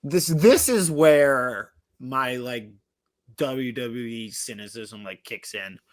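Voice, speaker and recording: A man's voice: mid-range voice, slow, no echo, studio quality. A man co-hosting a wrestling podcast in casual chat, cynical and heavy on filler words. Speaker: podcast co-host.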